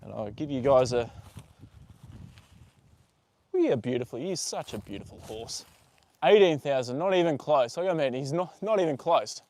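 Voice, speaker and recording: A man's voice: mid-range voice, animated, normal speed, long pauses, a little mellow. Easygoing man rambling on a live stream. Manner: rambling and easygoing, with many fillers. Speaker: livestream host. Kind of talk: casual live-stream chat reading viewer comments. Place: outdoors with a horse. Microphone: phone on a tripod.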